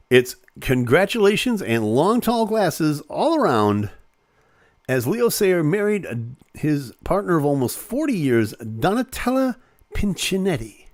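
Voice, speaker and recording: A man's voice: fairly high pitch, dry recording, clean studio sound. A man hosting a live online show, casually reading celebrity news aloud with playful jokes and asides.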